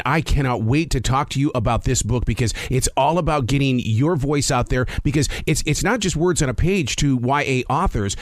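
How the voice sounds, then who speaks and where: A man's voice: mid-range voice, dry recording. A man hosting an interview, speaking eagerly and enthusiastically. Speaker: host.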